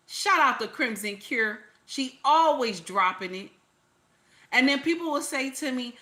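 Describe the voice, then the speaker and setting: Blunt, cursing woman with a bright voice. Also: medium pitch, lively intonation, unhurried. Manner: blunt, cursing, repeats herself for emphasis. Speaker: reaction channel host. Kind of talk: profane commentary over clips.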